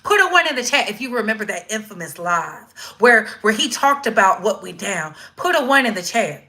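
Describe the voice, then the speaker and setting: A woman giving casual live-stream commentary, slangy and animated, acting out quoted voices as she goes. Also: medium pitch, moderate pace, hardly any pauses.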